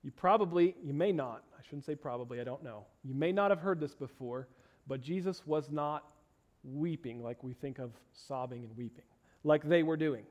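A man preaching from the pulpit with a fairly high voice. He reads scripture and leads prayer, lifting his voice to stress a point and dropping to a soft, low hush when praying. His delivery is expressive and varied. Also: normal speed. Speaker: pastor. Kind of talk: sermon.

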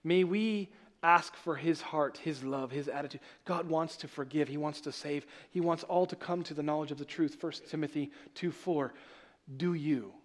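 A man preaching a sermon as pastor, emphatic, asking rhetorical questions and swinging from loud to soft. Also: on the high side, moderate pace.

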